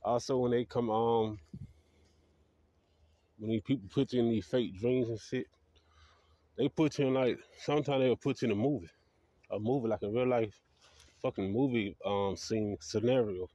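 A man's voice: medium pitch, normal speed, pauses often, dark tone, dry recording, highs cut off. A man telling his dream stories in a rambling, profane monologue, laughing at his own tales. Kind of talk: casual storytelling monologue.

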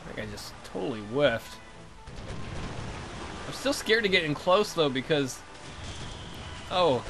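A young man commentating his own game play casually, excitable and jokey, swearing often and talking back at the game. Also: on the high side, a little slow, pauses often, over music. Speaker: let's play host.

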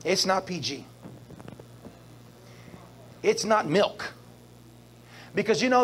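High-voiced, slow-preaching male pastor. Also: very animated, slight background noise. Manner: repetitive preaching with call-and-response to the congregation. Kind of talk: sermon. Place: church service.

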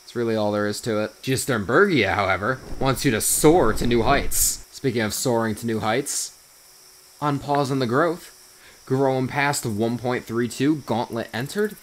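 A YouTuber from South Jersey with a mid-range voice gives casual, rambling gameplay commentary at normal speed, with slight background noise. He swears often and says "you know" constantly.

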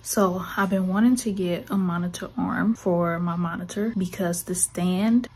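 A woman's voice: lowish voice, fairly even intonation, measured pace, a little mellow, slight background noise. A woman who runs a small art shop, out of breath, chatting casually in a vlog from her home office and often correcting herself. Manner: rambling, self-correcting. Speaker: artist running a small online shop.

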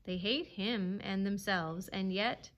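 A woman voicing a wise old male stag, speaking softly and gravely in a read-aloud storybook. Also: medium pitch, slow, a little hiss or hum.

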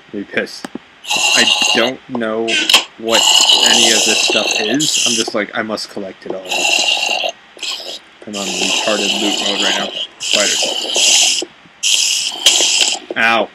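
A young man giving let's play commentary, excitable and swearing, talking back to game characters. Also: lowish voice, very noisy. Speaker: gamer.

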